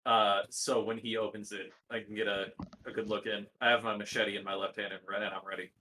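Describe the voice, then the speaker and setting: A man's voice: lowish voice, little pitch movement, fairly quick, bright, forceful tone, a little hiss or hum, poor audio. A man playing a character in a casual tabletop game, hesitant and thinking aloud. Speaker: player. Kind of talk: casual tabletop role-play.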